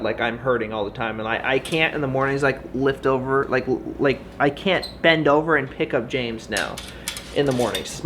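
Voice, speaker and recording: A young man chatting casually in a Q&A vlog, goofy and animated, now and then breaking into loud high-pitched yelps. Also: slight background noise. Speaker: vlogger.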